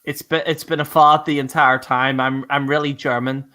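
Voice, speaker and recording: Bright man rambling jokily. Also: mid-range voice, flat delivery, normal speed. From Ireland. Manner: rambling, stammers on restarts, jokey. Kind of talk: casual group chat.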